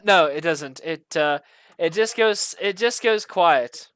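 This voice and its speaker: A woman running a tabletop game, narrating in a slow, unhurried way with many pauses and fillers. Her voice sits low and sounds smooth and clear. The sound is dry and close to the mic. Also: a bit bright, no echo. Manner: hesitant, many fillers, laughing. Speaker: game master.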